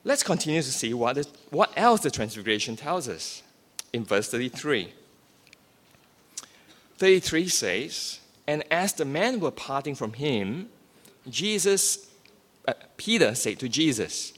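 A man's voice: medium pitch, very animated, unhurried, a bit bright. A man preaching a sermon, explaining scripture by asking questions and answering them himself. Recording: long reverb of a hall.

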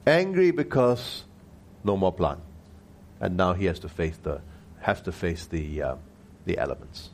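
A man giving an expository Bible teaching who keeps asking his listeners rhetorical questions and slows down to stress key words. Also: deep voice, animated, darkish tone.

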